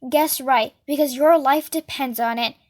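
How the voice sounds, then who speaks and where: A woman's voice: high voice, a little slow. A woman reading aloud and voicing a small, clever boy who talks in a fierce, bold way. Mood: bold, threatening.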